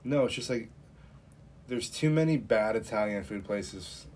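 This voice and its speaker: Casting: young male podcast co-host, lowish voice, rambling, filler-heavy banter, faint room ambience. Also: unhurried, a little mellow, a little hiss or hum. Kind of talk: casual chat.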